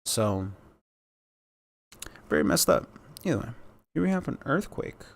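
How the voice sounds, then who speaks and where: A man's voice: fairly high pitch, sing-song, measured pace, vocal fry. A man giving casual, rambling commentary on news clips, with many fillers and sarcastic asides.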